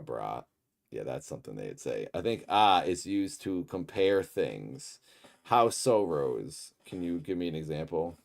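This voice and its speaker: A man's voice: low-pitched, creaky. A man hosting a livestream, rambling and joking while reading chat messages. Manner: rambling, jokey, reads chat aloud. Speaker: livestream host. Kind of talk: casual livestream chat, reacting to a show.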